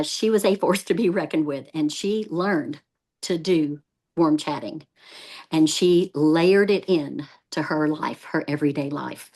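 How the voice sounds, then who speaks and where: A woman giving a motivational training talk to a group, telling stories and laughing often. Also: fairly low pitch. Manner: lively storyteller, laughs often. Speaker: sales team trainer.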